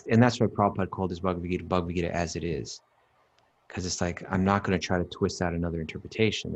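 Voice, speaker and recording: A man with a very low, deep voice leads a relaxed scripture discussion. He talks emphatically, circles back on his words, and breaks into chanted Sanskrit verses. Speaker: podcast co-host teaching scripture. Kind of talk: casual teaching talk.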